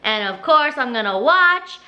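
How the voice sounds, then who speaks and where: A young woman and mother chatting to camera in a casual family vlog, excitable and full of fillers like "so anyways". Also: sits high, unhurried, no echo, muffled recording.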